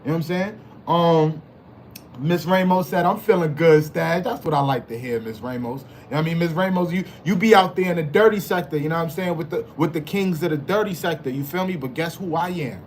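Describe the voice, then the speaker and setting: A man's voice: fairly high pitch, fairly quick, slight background noise. A man hosting a casual live stream, hyped and slangy, greeting chat members by name and repeating his phrases. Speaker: livestream host.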